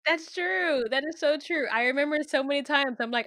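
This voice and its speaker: A young woman hosting a casual podcast interview with her mother, chatty and quick to laugh, speaking straight to her listeners. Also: sits high, bright, forceful tone, dry recording, studio quality. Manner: chatty, laughs easily, talks to listeners directly. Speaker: podcast host.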